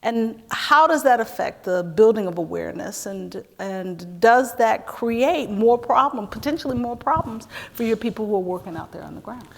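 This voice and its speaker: A woman moderating a public onstage conversation, asking long questions in a measured, careful way with many fillers. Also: on the high side, lively intonation, gravelly. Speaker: interviewer, moderator. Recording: echoey hall reverb.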